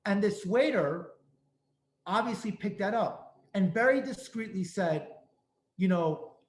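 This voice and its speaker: In a reverberant space, a man hosting a talk on restaurant accessibility offers earnest, emphatic advice. His high-pitched voice is animated but a little slow, and he hammers his main points again and again.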